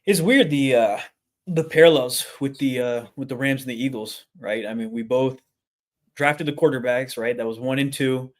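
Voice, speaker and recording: A man's voice: mid-range voice, normal speed. Rambling male sports podcaster. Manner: rambling, many restarts, laughs easily. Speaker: podcast co-host. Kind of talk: casual sports chat.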